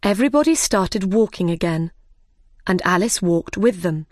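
A woman's voice: lowish voice, expressive, normal speed, no echo, clean studio sound. A woman reading a simplified storybook aloud as narrator.

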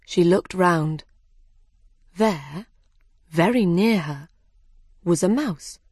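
A woman reading a children's story aloud in a simple, measured way. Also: lowish voice, expressive, a little mellow, slightly rough, dry recording, clean studio sound. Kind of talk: scripted narration of a children's story.

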